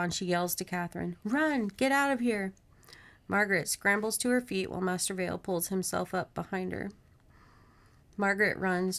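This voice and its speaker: A woman hosts a podcast, reading a horror novel aloud at an even pace. Her narration is steady and plain, broken by friendly asides to her co-host. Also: on the low side.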